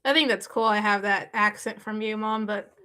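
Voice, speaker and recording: A woman chatting casually on a live stream, answering viewer comments in a halting way full of restarts and fillers. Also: mid-range voice, steady tone, pushed and bright, smooth.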